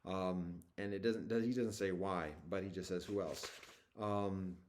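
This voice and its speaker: A man with a lowish voice walks listeners through a scripture. He reads passages in a formal tone, then retells them casually and hesitantly, full of fillers and restarts. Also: steady tone, unhurried, darkish tone, a little hiss or hum. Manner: alternates formal scripture reading with loose slangy retelling. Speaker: teacher walking through a scripture. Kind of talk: casual reading and explanation of a sacred text.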